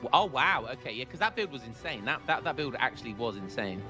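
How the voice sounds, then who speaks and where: A man casting a live strategy game, excitable and joking, with frequent restarts. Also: mid-range voice, fast talker, over music. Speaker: esports caster.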